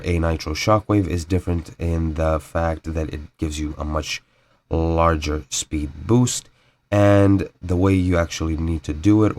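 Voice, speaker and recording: A man's voice: rumbling low, darkish tone. A man narrating a gameplay tutorial in a casual, chatty way, his voice nasal from a cold, with fillers and stumbles. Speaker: gaming tutorial creator.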